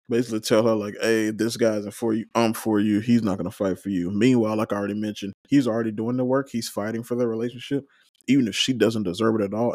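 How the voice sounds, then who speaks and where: A man with a lowish voice talks through a show recap in a loose, conversational way, full of opinions and asides. The sound is dry and close, with no room echo. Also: darkish tone. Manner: conversational, opinionated, rambling with fillers. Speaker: watch-along recap host. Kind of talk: casual solo recap commentary.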